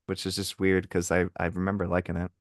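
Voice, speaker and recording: A man co-hosting a movie review podcast, giving hesitant, halting replies in casual chat. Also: low voice, monotone, dry recording, studio quality. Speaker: podcast co-host.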